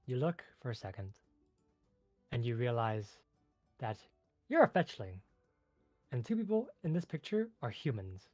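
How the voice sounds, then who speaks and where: A man's voice: mid-range voice, sing-song, normal speed, long pauses, darkish tone, no echo, soft background music. A man narrating a tabletop game as game master, loose and chatty.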